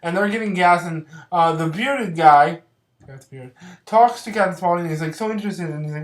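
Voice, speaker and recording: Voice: mid-range voice, a little fast. Rambling giggly movie recapper, roomy sound. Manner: rambling, filler-heavy, giggly. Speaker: vlogger reviewing films. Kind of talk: casual movie plot recap.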